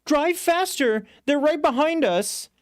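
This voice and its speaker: A man voicing a panicked young woman fleeing her captors in a storybook reading, shouting and pleading. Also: high voice, expressive, brisk, no room sound, clean studio sound, voice pushed up. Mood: frantic. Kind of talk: storybook read-aloud.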